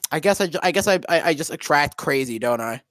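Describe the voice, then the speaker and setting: A man's voice: fairly high pitch, expressive, normal speed, a bit bright, no echo. A young man telling a story in casual chat, rambling and profane with many fillers and restarts. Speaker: co-host.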